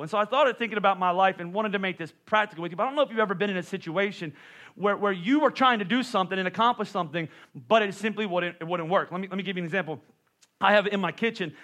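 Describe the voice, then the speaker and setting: Bright high-voiced man preaching. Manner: storytelling with comic asides, playful and self-mocking. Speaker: pastor. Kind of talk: sermon.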